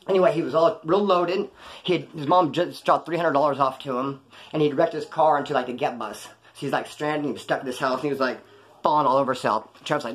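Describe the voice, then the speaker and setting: Talking fast with a steady tone, a middle-aged man whose voice sits on the high side recounts a crime story. He's a former prisoner, and he uses loose, profane street slang, drifting between tangents.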